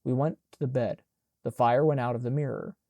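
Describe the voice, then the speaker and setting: Man, audiobook narrator, measured, plain, mellow, dry recording. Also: mid-range voice, creaky, no echo. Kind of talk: scripted narration.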